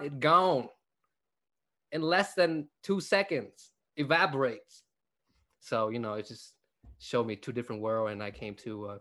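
A man's voice: mid-range voice, fairly bright tone. Joking Vietnamese-accented young man. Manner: joking, laughs often, many fillers. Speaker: stand-up comedian guest. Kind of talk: casual interview chat.

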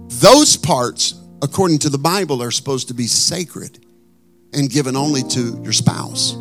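High-voiced pastor guy telling a story in his sermon, blunt, emphatic, soft guitar under it.

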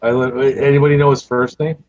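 A man's voice: medium pitch, flat delivery, brisk, darkish tone, highs cut off. A man hosting a podcast, chatting casually, asking lots of questions and swearing now and then. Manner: curious, asks many questions, swears casually. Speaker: podcast host. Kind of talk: casual group chat.

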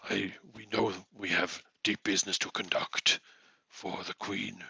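A man's voice: low voice, creaky, breathy edge, dry recording, exaggerated voice. A game master voicing a very old, sedate and wise male minister in a tabletop game. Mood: calm authority. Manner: calm, measured authority.

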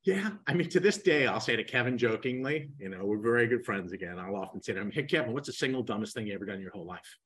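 A man in his sixties, a podcast guest, telling animated stories and acting out the dialogue. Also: on the low side, fast, few pauses, husky, rough recording. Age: 60s. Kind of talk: storytelling in a podcast interview.

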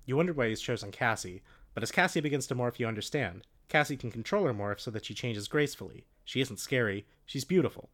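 A man's voice: medium pitch, lively intonation, fast, a bit bright. Casting: a man reading a storybook aloud, casual and jokey. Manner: laughing, joking asides. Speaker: reader.

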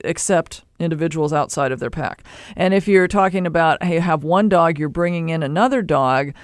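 A man hosting a call-in advice show, explaining pet behavior in an animated way with playful asides. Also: high-pitched, clean tone, no room sound, studio quality. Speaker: pet behavior expert host.

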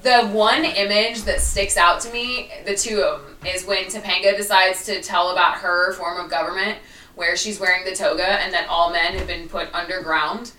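A chatty woman co-hosting a podcast in a relaxed, rambling way. Her voice is bright and sits a bit away from the mic. The room adds a roomy echo. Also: fairly low pitch, moderate pace, distant mic, a little hiss or hum. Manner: chatty, many fillers and laughs. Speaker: podcast co-host, former teacher. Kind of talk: casual podcast chat.

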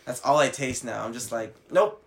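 A man's voice: medium pitch, expressive, normal speed, gravelly. Young man, podcast co-host, casual profane storytelling, faint background noise. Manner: rambling, profane storytelling with filler words. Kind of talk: casual chat.

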